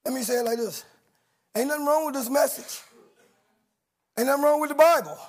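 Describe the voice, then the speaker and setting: A man preaching a sermon, shouting and acting out quoted voices with call-and-response. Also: very high voice, fairly quick.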